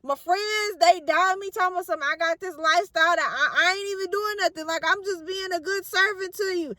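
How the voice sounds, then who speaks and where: A woman's voice: extremely high pitch, fairly quick, sharp tone, no echo, pitched above the performer's own voice. A woman voicing an exasperated grown man who talks in slang and repeats himself as he demands answers. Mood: frustrated. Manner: slangy, repetitive, rising in frustration.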